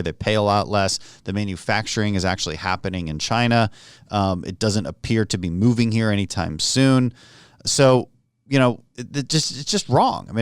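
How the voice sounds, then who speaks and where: Low-voiced guy hosting his own podcast, really clear, laid back and joking around. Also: dry recording. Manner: relaxed, joking, blunt. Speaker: podcast host. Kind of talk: casual conversational interview.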